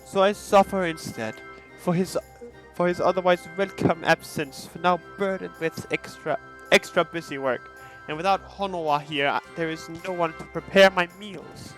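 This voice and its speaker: A man's voice: high voice, moderate pace, a bit bright, faint music behind, low-quality recording. A man voicing a pompous young male noble, haughty and flowery, stumbling over his words as he reads.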